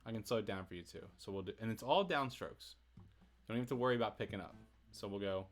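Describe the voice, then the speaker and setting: A man's voice: on the low side, fast talker. A man giving a casual, chatty livestream guitar lesson, talking to viewers and laughing between explanations. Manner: relaxed, chatty, answers chat and laughs often. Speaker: guitarist teaching a song. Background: faint acoustic guitar playing.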